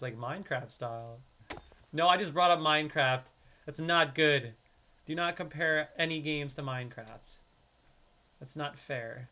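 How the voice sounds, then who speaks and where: Streaming live, a man with a medium-pitched voice talks casually about the game he's playing. He chats with his viewers and every so often lets out loud, excited yelps.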